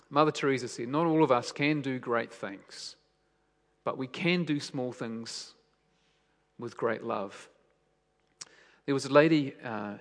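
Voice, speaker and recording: A man giving a sermon, telling stories with soft, hushed moments and emphatic questions. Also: medium pitch. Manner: storytelling, shifts between soft hushed lines and raised emphatic questions. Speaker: preacher. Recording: long hall reverb.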